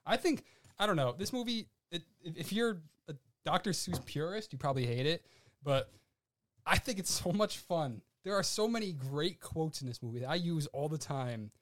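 A man on a podcast talking up a film he loves, casual and enthusiastic. His voice is slightly higher than average. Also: animated, moderate pace. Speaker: podcast co-host. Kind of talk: casual chat.

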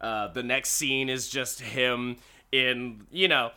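A man's voice: medium pitch, fairly even intonation, bright, forceful tone. A man casually recapping a story, swearing freely and laughing at it. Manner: laughs often, swears, slow and wry.

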